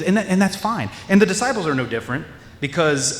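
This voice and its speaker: Conversational preacher in an echoey hall. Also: male voice, fairly high pitch, animated, fairly quick, a bit bright. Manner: conversational, acts out quoted voices, many restarts. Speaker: pastor. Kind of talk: sermon. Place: church sanctuary. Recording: echoey hall with long reverb.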